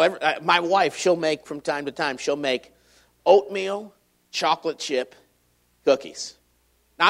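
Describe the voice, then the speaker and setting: A middle-aged man from Michigan, a visiting preacher giving a folksy, joking sermon and reading scripture aloud in a raised voice. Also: a little high.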